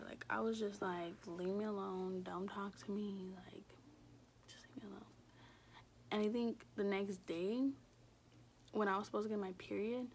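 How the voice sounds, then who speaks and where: A young woman telling a personal story in a casual, rambling way, filling every pause with "like" and swearing freely. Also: mid-range voice, vocal fry, darkish tone, slight background noise. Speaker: vlogger.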